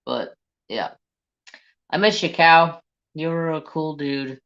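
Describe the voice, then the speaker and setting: A man telling a personal story in a slow, halting, reflective way while he works on a craft. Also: fairly high pitch, fairly bright tone, dull audio. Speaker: crafting vlogger.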